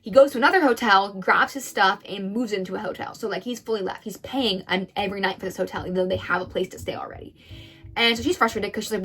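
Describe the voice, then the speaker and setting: Fast-talking woman recapping a story. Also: mid-range voice, a bit bright, husky, faint music behind. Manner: brisk, chatty, acts out quotes. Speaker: commentator retelling a story.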